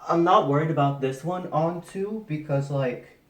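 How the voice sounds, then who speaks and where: A man's voice: fairly high pitch, normal speed, a bit bright. Chatty young man rambling to camera. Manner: chatty, rambling, self-deprecating, lots of fillers. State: slightly out of breath. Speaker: vlogger. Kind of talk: casual chat to camera while decorating. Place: bedroom, indoors.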